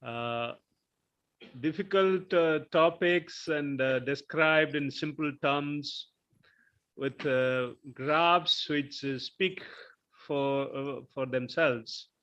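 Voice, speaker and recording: A man giving a session chair's closing remarks, halting and full of filler sounds. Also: on the high side, a bit bright. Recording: muffled lo-fi sound.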